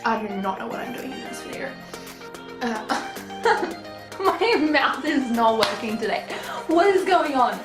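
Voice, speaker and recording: A woman's voice: on the high side, sing-song, a little slow, pauses often, echoey room, over music, low-quality recording. A woman vlogger talking casually to camera, tired and out of breath, chatty and apologetic.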